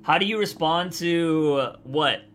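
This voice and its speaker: A young man chats casually on a livestream, blunt and rambling, cursing freely as he answers viewers. His voice sits a little high and sounds bright and forceful, though a bit raspy today. Faint music plays under him. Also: takes it slowly. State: voice feels raspy. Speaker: content creator streamer.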